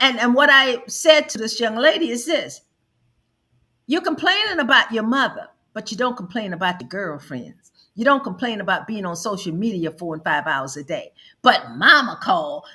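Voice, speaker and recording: A woman's voice: a little high, sing-song, moderate pace, bright, forceful tone. A middle-aged woman hosting an advice show, speaking emphatically and acting out quoted family members as she counsels. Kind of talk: counseling talk.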